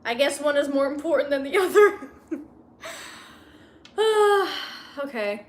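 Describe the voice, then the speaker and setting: A woman's voice: sits high, expressive, takes it slowly, a little hiss or hum. A young woman livestreaming from home, reading fan fiction aloud and breaking off to laugh and make sarcastic remarks. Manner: laughs often, mocking asides. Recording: echoey room.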